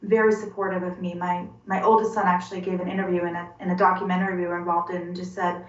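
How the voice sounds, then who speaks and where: A woman in her forties giving a personal testimony in an interview, halting and earnest, often repeating words as she searches for them. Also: fairly low pitch, flat delivery. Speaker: interview guest. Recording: roomy, distant and dull-sounding.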